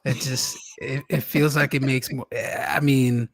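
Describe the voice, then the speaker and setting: A man's voice: mid-range voice, flat delivery, a little slow, dry recording. A man talking as a guest on a podcast livestream, laid-back and jokey, swearing casually. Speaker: podcast guest, music producer.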